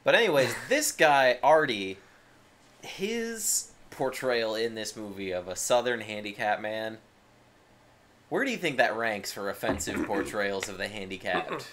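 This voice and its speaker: A man's voice: fairly low pitch, lively intonation, unhurried, a bit bright, a little hiss or hum. A man co-hosting a podcast, chatting casually about a movie with sardonic, crude humor and frequent swearing. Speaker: podcast co-host. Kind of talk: casual movie-review chat.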